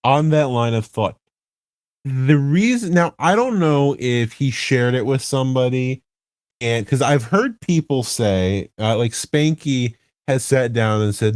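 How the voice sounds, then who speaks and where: A man's voice: medium pitch, unhurried, a little mellow, no echo. Male podcast host, mid-range voice, rambling and self-correcting, dry studio sound. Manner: rambling, self-correcting, builds points with rhetorical questions. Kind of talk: casual podcast chat about online game politics.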